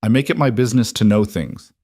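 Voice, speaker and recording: Voiced by a male narrator, a controlled mafia boss talks low, calm and matter-of-fact, staying conversational and almost gentle. His delivery is fast and cold in mood. The recording is close and dry, with no echo.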